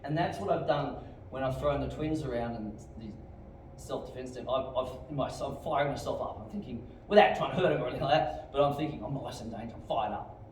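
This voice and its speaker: A middle-aged man with an Australian accent teaching a martial arts class, explaining techniques and barking sharp commands and kiai shouts. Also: mid-range voice, fast talker. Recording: very echoey hall, distant mic, faint room noise.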